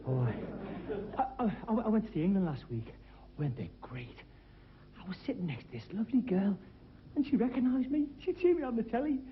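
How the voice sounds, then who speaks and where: A man from doing stand-up comedy, telling quick jokes with laughs in between, on a tinny worn 1970s TV tape. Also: sits high, sing-song, a little hiss or hum. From Liverpool.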